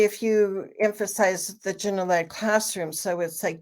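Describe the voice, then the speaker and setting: A woman giving a relaxed online training talk for parents, explaining slowly with plenty of fillers. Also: medium pitch. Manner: slow, conversational explaining with frequent fillers; repeats a question with shifting emphasis.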